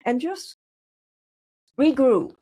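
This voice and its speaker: Husky-voiced older woman coaching. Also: high voice, expressive, very slow, mellow. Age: 80s. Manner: encouraging, coaching. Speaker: happiness coach, guest. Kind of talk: casual chat.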